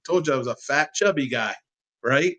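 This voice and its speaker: A man in his fifties, a guest on a sports interview, telling a heartfelt childhood story in an animated, casual way. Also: medium pitch, fairly quick, rough recording.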